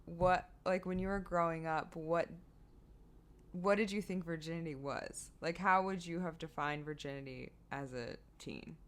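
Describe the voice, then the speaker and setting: A young woman with a slightly low voice co-hosts a relaxed podcast. She talks in an easy, giggly, storytelling way, laughing often between her sentences. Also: normal speed. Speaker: podcast co-host. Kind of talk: casual chat.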